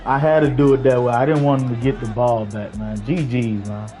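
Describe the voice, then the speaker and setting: A man's voice: medium pitch, flat delivery, a little fast, a crowd in the background. A man streaming a football video game, talking casually to his chat, worn out, weary and swearing freely. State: tired. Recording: dull lo-fi sound, faint game music.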